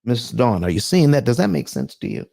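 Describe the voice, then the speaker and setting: Animated preacher-style man hosting a stream. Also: medium pitch, fast, gravelly. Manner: emphatic, preacher-like delivery with dramatic asides. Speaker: host of a live personal finance stream. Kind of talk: live-streamed finance presentation.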